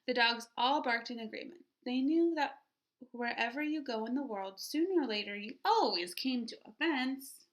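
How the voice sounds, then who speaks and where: Expressive woman reading a picture book. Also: a little high. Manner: expressive, pauses to ask the listeners questions. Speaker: teacher. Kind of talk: children's picture book read-aloud.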